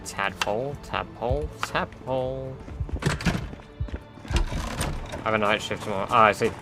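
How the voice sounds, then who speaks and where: A man's voice: on the low side, unhurried, loud music behind the voice. A man streaming a game, chatting casually and reading chat aloud with offhand swearing. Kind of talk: casual livestream chat while gaming.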